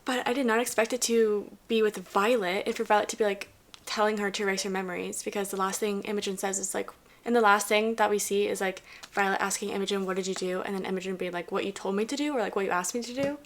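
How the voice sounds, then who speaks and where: A woman's voice: mid-range voice, fairly even intonation, fast talker. A young woman vlogging about a book series, talking casually with lots of fillers and sometimes dropping to a whisper while reading. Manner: chatty, filler-heavy, often drops to a whisper while reading. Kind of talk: casual reading vlog commentary.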